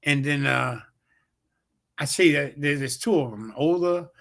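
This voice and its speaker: A man hosts his own talk show and tells a long, rambling story as a comedian would. His voice has a rough, gravelly edge and a forceful, bright push. He swears freely and fills his talk with uhs and repeated sound effects. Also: fairly high pitch, a little slow. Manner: rambling and profane, heavy on fillers and repeated "bam, bam". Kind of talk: casual storytelling on a livestream show.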